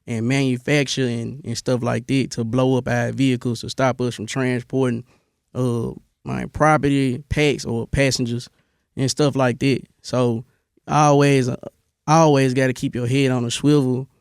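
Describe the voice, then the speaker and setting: A young man from Memphis, telling his army stories in a relaxed interview, with a lot of "bro" and many restarts. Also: medium pitch, normal speed, creaky, clean tone, no echo, clean studio sound. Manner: laid-back storytelling, lots of "bro" and restarts. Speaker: interview guest, army veteran. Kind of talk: casual interview.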